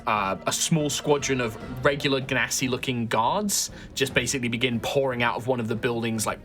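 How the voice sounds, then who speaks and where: A man's voice: fairly low pitch, a bit bright. A man running a tabletop game as game master, narrating loosely with many fillers and restarts.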